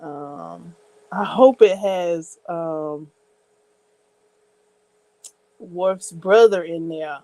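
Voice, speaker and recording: A woman's voice: lowish voice, drawn-out words, long pauses, warm tone, no room sound, low-quality recording. A woman vlogger in casual chat, rambling and giggling, with many hesitant fillers.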